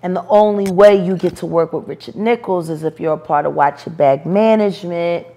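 A woman in her forties, an interview guest, telling stories in a brash, profane, animated way with bursts of laughter. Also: on the low side, brisk. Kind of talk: storytelling interview.

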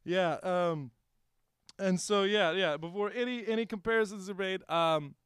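Co-hosting a Houston comedy podcast, a young man tells a history story in a rambling, casual comedic way with many fillers and restarts. His high, fairly bright voice is animated, clear and resonant, and he takes it slowly. The studio-quality recording has no room sound.

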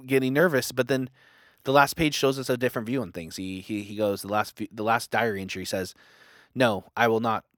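A man's voice: mid-range voice, little pitch movement, fairly quick, fairly bright tone, dry recording, clean studio sound. A young man in casual book talk, rambling with many fillers and restarts. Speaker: book discussion co-host.

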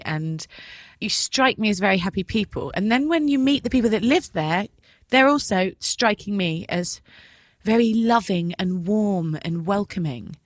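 A woman's voice: medium pitch, dry recording. Chatty woman host in a dry room. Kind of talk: casual chat.

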